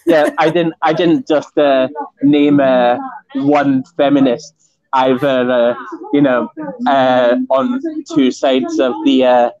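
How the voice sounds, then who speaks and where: A man's voice: medium pitch, flat delivery, slow pace, lo-fi sound, crowd noise. A man with a Scottish accent, a guest in a casual online chat, talking with many fillers and restarts. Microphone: phone.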